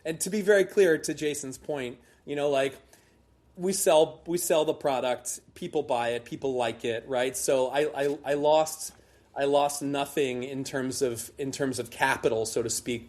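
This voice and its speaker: A man, middle-aged, a guest telling a long self-deprecating story in a rambling casual way with many restarts. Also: mid-range voice. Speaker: guest, liqueur brand founder.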